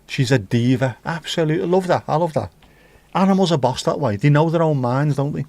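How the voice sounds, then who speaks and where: A man's voice: a little high, expressive, fairly quick, gravelly, a little mellow, no echo. A man hosting a casual livestream, rambling and joking as he reads comments. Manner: jokey, rambling, sings snatches of songs. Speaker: livestream host. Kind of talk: casual chat reading viewer comments.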